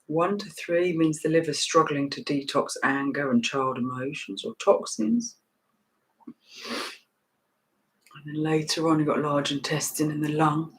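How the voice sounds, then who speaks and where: A woman's voice: sits low, poor audio. A woman teaching a meditation and breathing session, giving loose, rambling instructions that often restart mid-sentence. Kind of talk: casual guided breathing and stretching session.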